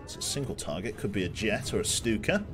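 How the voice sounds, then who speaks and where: Brief: young male gameplay streamer, low-pitched and animated, casual joking chat. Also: a little fast. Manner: chatty, joking, talks to chat while playing. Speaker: video game streamer.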